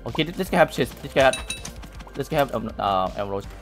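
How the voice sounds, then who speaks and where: Excitable young man taunting in a game. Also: mid-range voice, fast talker, over music. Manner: excitable, taunting opponents, non-native English. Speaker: gaming YouTuber. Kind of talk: live gameplay commentary.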